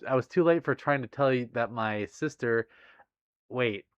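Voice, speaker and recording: A man's voice: medium pitch, normal speed, smooth, highs cut off. A man hosting a casual livestream, reading out viewer messages with frequent bashful laughter. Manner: giggly, bashful, laughs often between remarks. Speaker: livestream host.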